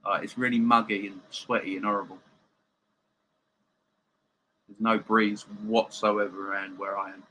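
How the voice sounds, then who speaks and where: A man's voice: lowish voice, little pitch movement, moderate pace, long pauses, sharp tone, a little hiss or hum, rough recording. A man hosting a live football watchalong from home, chatting casually and bantering with viewers as he reads their comments.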